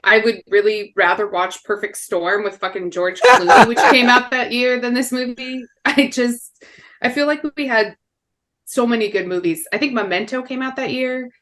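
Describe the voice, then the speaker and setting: A woman's voice: a little high, fairly even intonation, moderate pace, a bit bright. Blunt, opinionated woman podcaster. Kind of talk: casual podcast chat.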